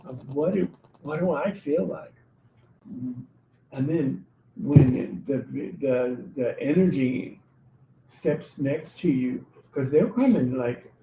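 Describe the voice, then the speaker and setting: A man telling personal stories in a casual, animated way, acting out the dialogue and often laughing. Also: mid-range voice, a little hiss or hum. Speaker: spiritual reader on a live show. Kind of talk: casual storytelling. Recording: roomy, distant mic.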